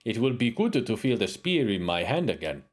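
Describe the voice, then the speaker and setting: A man's voice: on the low side, sing-song, a little fast. A man voicing a proud spear-fighting warrior woman in broken English with a wandering put-on accent. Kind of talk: reading game dialogue aloud in character.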